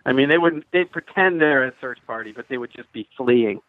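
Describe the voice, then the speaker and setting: A man's voice: medium pitch, expressive, a little fast, no room sound, narrow, tinny audio. A man chatting as a guest on a sports radio show, wry and joking, slipping into little quoted voices. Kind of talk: casual sports radio banter.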